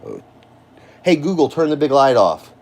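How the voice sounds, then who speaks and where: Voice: mid-range voice, sing-song, moderate pace. A livestreamer at home, ranting and mocking in a profane, sing-song way. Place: home, indoors.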